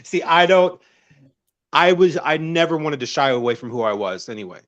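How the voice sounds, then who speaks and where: A man's voice: on the high side, normal speed, dry recording, dull audio. A man from the American South, a guest telling stories in casual conversation, laughing often. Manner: laughs often, relaxed storytelling.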